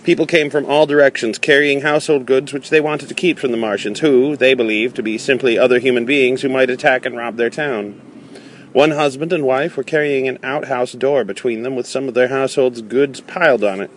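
A man reads a novel aloud at a measured pace, now and then stumbling and restarting a phrase. His voice sits at an ordinary middle pitch. Faint traffic and street sounds linger in the background. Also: steady tone. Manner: measured, with small slips and restarts. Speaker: audiobook reader.

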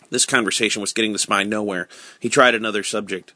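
A man reading a novel aloud in a steady, plain storytelling way. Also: fairly low pitch, fast, no room sound. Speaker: narrator.

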